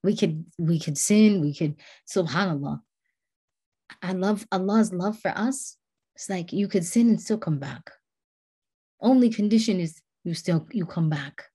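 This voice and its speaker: Husky-voiced woman giving a devotional talk. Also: lowish voice, unhurried, dark tone. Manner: earnest, repetitive, builds emphasis by repeating words. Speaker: religious teacher.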